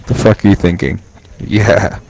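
A man's voice: sits low, measured pace, creaky, a little mellow, a little hiss or hum, low-quality recording. A man talking on a headset in online game voice chat, blunt, exasperated and swearing a lot. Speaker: teammate in online match.

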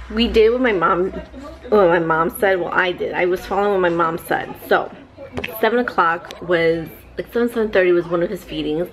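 A woman, a mother, telling a lively casual vlog story at home to a handheld camera, adding playful sound effects. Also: on the low side. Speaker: vlogger and mother.

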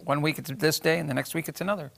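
Gravelly-voiced man, a restaurant owner. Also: a little high, fairly even intonation, very fast, fairly bright tone. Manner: plain, easygoing answers. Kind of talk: casual interview.

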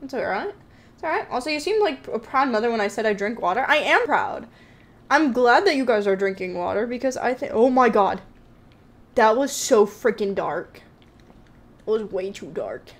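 A woman's voice: a little high, animated, normal speed. A woman streaming a horror game, chatting with her viewers in a jokey, jittery way while she admits she is scared. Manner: chatty, talks to chat, nervously jokey. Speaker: gaming streamer. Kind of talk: live-streamed game commentary.

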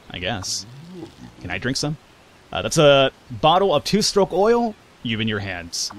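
A man's voice: mid-range voice, sing-song, brisk, slight background noise. A man hosting a let's play, talking through a game with sarcastic jokes and casual swearing. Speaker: gaming channel host.

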